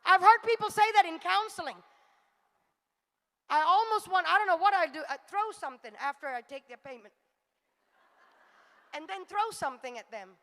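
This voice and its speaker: A woman's voice: very high-pitched, normal speed, pauses often, fairly bright tone, big-room sound. A woman preacher delivering a fervent sermon to a congregation. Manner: fervent, rising to exhortation.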